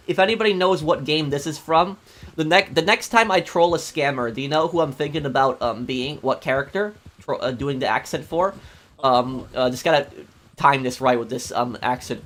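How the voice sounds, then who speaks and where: A man's voice: on the high side, moderate pace, a bit bright. Hesitant male game streamer. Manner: hesitant, many ums and restarts, answering chat. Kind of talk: casual live-stream chat.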